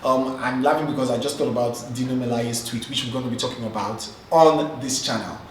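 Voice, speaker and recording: A man's voice: medium pitch, fairly quick, far from the mic. A man hosting a casual commentary vlog, chatty and teasing, tossing rhetorical questions at his viewers. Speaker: YouTube host. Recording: roomy echo, off-mic, faint noise.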